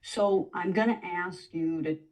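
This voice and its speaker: A woman's voice: lowish voice, a little slow, a little mellow, distant mic, low-quality recording. A woman dog trainer, a guest in a conversational interview, explaining at length and now and then acting out what a dog might say. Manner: explanatory, acts out dog voices in quotes.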